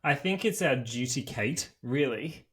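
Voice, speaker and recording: A man co-hosting a podcast, chatting casually in a wry, unhurried way with chuckles. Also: medium pitch, animated, fairly bright tone, slightly rough. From Australia. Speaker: podcast co-host.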